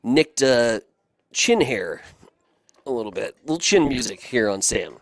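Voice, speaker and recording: A man's voice: mid-range voice, unhurried, dry recording. Man calling baseball play-by-play, dry sound. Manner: relaxed, chatty, jokes with partner. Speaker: play-by-play announcer.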